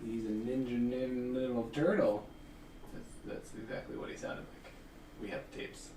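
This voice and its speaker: A man's voice: medium pitch, normal speed, dark tone. A man co-hosting a painting livestream in casual, joking chat, now and then breaking into silly voices. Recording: roomy, distant mic, noisy ambience.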